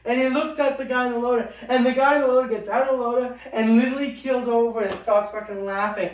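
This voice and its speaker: A man telling funny family stories in casual chat, animated and swearing freely as he acts out the people in them. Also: very high voice, fast. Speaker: storyteller, co-host. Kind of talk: casual storytelling. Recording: echoey room, mic at a distance.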